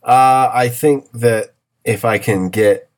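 A man's voice: mid-range voice, fairly even intonation, takes it slowly. A man studying a Hebrew text, answering hesitantly and joking about himself. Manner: hesitant, easygoing, self-deprecating. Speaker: student. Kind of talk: casual study chat.

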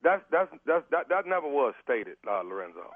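A man's voice: a little high, big pitch swings, moderate pace, no echo. A man making a prank phone call on a radio show, stammering and persistent, politely calling the other man sir. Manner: persistent, stammering, formal "sir" with sudden laughs. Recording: tinny phone line.

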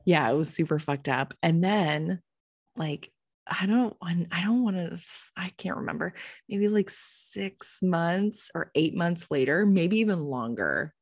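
A woman's voice: lowish voice, unhurried, no echo, studio quality. A young woman hosting a casual chat, telling a story animatedly with plenty of "like" and swearing. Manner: animated, swears freely, lots of "like". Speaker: podcast co-host.

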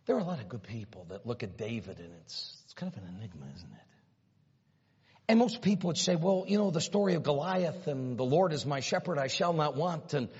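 A man preaches a sermon in a high, husky voice, telling the story with big dramatic swings between quiet murmurs and ringing peaks. His voice carries a long reverb in a church hall, and the recording sounds a little dull. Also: lively intonation, a little fast. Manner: dramatic storytelling, swinging from hushed low lines to loud high exclamations.

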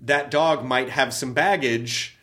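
A man in casual podcast chat, animated and joking, swearing freely as he tells stories. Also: medium pitch, takes it slowly.

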